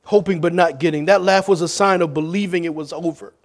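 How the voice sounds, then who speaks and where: Man, pastor, high voice, sermon, loud jokes and hushed questions. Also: steady tone, a little fast.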